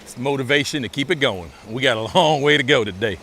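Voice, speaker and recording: A man live-streaming a relaxed walk outdoors by a beach, chatting casually and thanking viewers over and over. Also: mid-range voice, fast, creaky, a little hiss or hum. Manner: laid-back, thanks viewers for donations, repeats phrases. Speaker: live-streaming walking vlogger.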